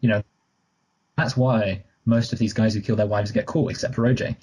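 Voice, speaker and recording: A man with a low, husky voice talks through a film in a loose, rambling way, with a dark, mellow tone. He corrects himself often and slips in joking asides while co-hosting a casual review chat. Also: steady tone, normal speed, rough recording. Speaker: podcast co-host.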